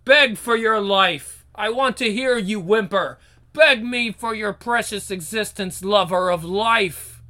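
A man's voice: high-pitched, bright, forceful tone, full character voice. A man hamming up a pompous vampire overlord. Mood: menacing. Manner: pompous, drawn-out villain speech. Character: grandiose male vampire overlord, commanding and cruel.

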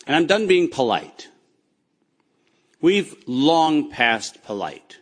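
A man giving an impassioned, accusatory speech with slides, speaking emphatically with deliberate pauses. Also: medium pitch, a bit bright.

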